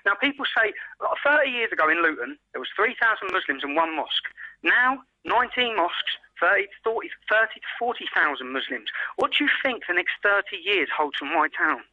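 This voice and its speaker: A man argues at a rapid clip, hammering his points through repetition. His voice is high and sharp with a husky grain, and it swings widely in pitch. It comes through a dull, muffled line. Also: very animated, dry recording. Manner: forceful, rapid, repeats lines for emphasis. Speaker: interview guest. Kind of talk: impassioned radio debate.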